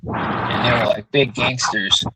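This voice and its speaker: A man's voice: medium pitch, steady tone, unhurried, background noise. A man hosting a livestream, telling blunt, profane stories in casual chat. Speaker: livestream host.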